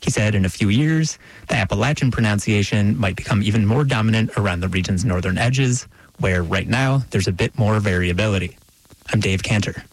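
A man reporting a news story for radio in an even, scripted delivery. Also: fairly low pitch, a little fast, dry recording, rough recording.

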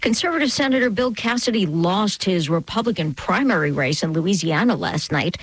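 A woman newscaster reading the national radio news with a measured, crisp delivery. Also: mid-range voice, lively intonation, dry recording, poor audio. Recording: dry studio sound.

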